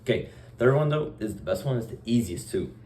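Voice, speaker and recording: Low-voiced young man rambling offhandedly. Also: animated, a little fast, a little mellow, slight background noise. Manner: acts out short dialogue exchanges. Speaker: vlogger. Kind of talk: casual vlog monologue.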